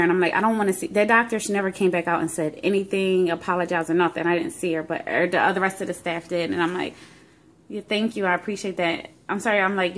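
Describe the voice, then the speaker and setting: A young woman telling a rambling, emotional story in a casual pregnancy vlog, recorded on her phone. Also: on the low side. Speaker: vlogger.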